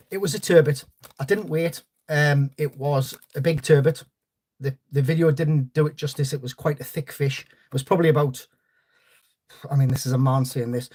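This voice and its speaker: Male host, rambling live-stream chatter, slightly higher voice. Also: darkish tone. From North East England. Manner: rambling, chatty, greets viewers by name. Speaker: fishing channel host. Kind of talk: live-stream chat with viewers.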